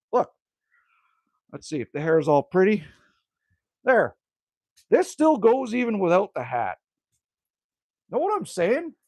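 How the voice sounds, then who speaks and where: Older Canadian man, livestream host, high lively voice, dry close sound, chatty with viewers. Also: no echo. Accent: Canadian, with bits of Newfoundland. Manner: chatty, reads out viewer names and answers them. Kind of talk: casual livestream chat with viewers. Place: cabin woodshed.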